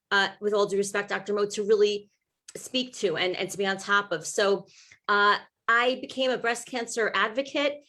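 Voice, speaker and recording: A woman with a fairly high voice tells her personal story as a talk show guest. She speaks in a chatty, heartfelt way and often restarts her sentences with fillers. She is a breast cancer advocate. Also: a bit bright.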